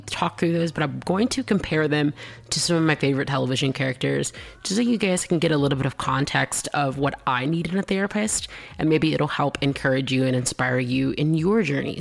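A woman hosting her own podcast in casual solo chat, bubbly and chatty, often laughing and jumping up in pitch when excited. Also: creaky. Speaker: podcast host.

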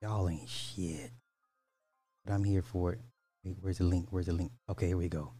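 A man's voice: deep voice, steady tone, moderate pace, mellow, slightly rough, no echo, faint music behind. A man hosting a podcast, talking loosely and in slang straight to his audience. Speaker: podcast host. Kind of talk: casual livestream commentary.

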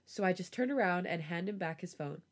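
A woman's voice: on the low side, expressive, a little fast. Woman reading fan fiction aloud. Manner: laughs often, giggly reactions. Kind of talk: reading a story aloud with banter.

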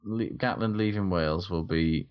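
Very deep-voiced man, dry banter. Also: normal speed, clear, resonant tone, dull audio. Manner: dry, mock-solemn reactions. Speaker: podcast co-host. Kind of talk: casual chat.

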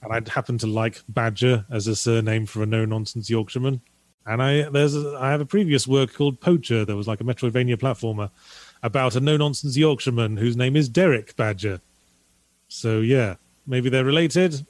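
A sardonic man chats casually as a podcast co-host. His voice sits at an ordinary pitch and is recorded close on the mic, with no room sound around it. He talks with a deadpan, wry manner. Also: brisk, no room sound. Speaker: podcast co-host reading viewer donations. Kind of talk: casual chat.

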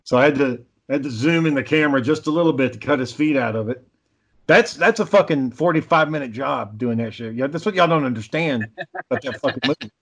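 A man's voice: medium pitch, fast, husky. A man telling rambling stories in a casual chat, swearing constantly, an amateur filmmaker. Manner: rambling storyteller, heavy swearing.

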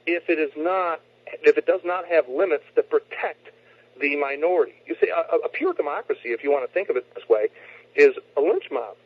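Heard over a telephone, a US man appearing as a talk show guest earnestly explains his opinions, lecturing and restarting his sentences again and again. His voice is a little high and slightly rough.

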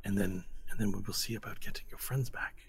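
A man voicing a scheming male plotter who speaks in a hushed, conspiratorial way. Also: on the low side, fairly even intonation, fast talker, vocal fry, slightly rough, exaggerated voice.

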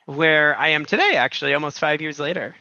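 A man speaking as a guest on a podcast interview, friendly and measured, with some uhs. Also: on the high side, pushed and bright, dry recording, dull audio. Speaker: guest, nurse informaticist.

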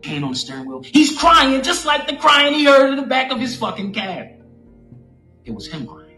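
A man telling a story in animated, slangy, profane street talk. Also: extremely high pitch, moderate pace. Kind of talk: casual storytelling monologue. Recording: echoey room with faint music.

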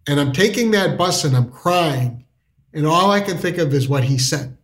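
A man's voice: a little high, animated, normal speed, a bit bright. A man telling a personal story in a casual interview, rambling with restarts and lots of filler words. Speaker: storyteller guest.

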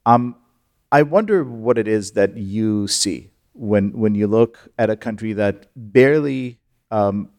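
A man with a fairly low voice moderating a panel discussion. He speaks in a halting, measured way, pausing often on "um" as he builds his questions. The sound is dry and close. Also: a little mellow, no echo. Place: stage before a live audience.

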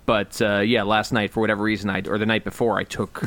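A man's voice: fairly low pitch, level tone, quick pace, fairly bright tone, no echo. A young man co-hosting a podcast, chatting casually and joking in a rambling, profane way. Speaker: podcast co-host.

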